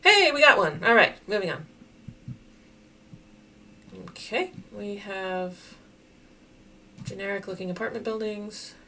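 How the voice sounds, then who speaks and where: A woman giving casual, chatty commentary while playing a geography guessing game, thinking out loud and laughing often. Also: mid-range voice, animated, takes it slowly, long pauses, a little hiss or hum. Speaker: game streamer.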